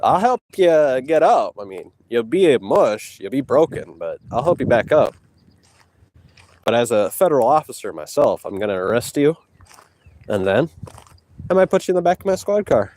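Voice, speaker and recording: Very animated and a little mellow, a man with a medium-pitched voice speaks at normal speed while out on a walk. Into a handheld phone he boasts and taunts a rival between breaths, vlogging trash talk outdoors.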